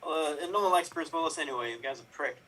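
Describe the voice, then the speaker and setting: A man's voice: a little high, fast, sharp tone, a little hiss or hum. A man panelist in an improv debate, blunt and offhand in his arguments. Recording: distant mic.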